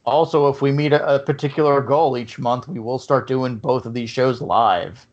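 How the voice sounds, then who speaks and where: A man's voice: medium pitch, steady tone, normal speed. A man hosting a podcast in casual chat, joking and chatty, often repeating his words as he talks. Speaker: podcast host. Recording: muffled lo-fi podcast audio.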